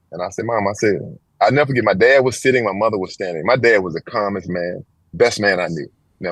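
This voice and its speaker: A husky-voiced Texan in his sixties, appearing as an interview guest, spins a long personal tale and animatedly acts out the people in it with big jumps in pitch. The audio is rough but has no echo.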